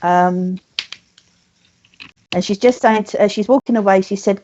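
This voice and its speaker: During a live online reading, a woman who works as a spiritualist medium gently relays messages. Her medium-pitched voice is soft and slow, and the recording sounds muffled.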